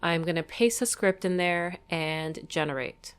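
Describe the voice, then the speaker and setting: A woman with a fairly low voice talks through a screen-recorded tutorial. She explains each step calmly and methodically, in the even tone of someone demonstrating software. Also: a little slow, clean tone. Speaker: tutorial host.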